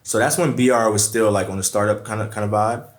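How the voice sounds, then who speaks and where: New guy on a podcast, low voice, telling stories all animated, echoey room. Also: fast talker. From Brooklyn, New York. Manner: animated storyteller, acts out quotes. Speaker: podcast guest. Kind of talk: casual storytelling chat.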